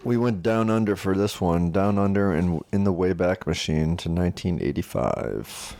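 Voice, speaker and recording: Low-voiced man joking dryly. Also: moderate pace, vocal fry, darkish tone, no echo. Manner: dry, joking banter. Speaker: podcast co-host. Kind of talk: casual chat.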